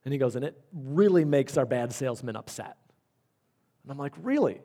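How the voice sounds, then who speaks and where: A man's voice: medium pitch, a little fast, dark tone. A male pastor preaching a sermon, telling stories and repeating his key phrases. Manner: storytelling with acted-out quotes, repeats key phrases.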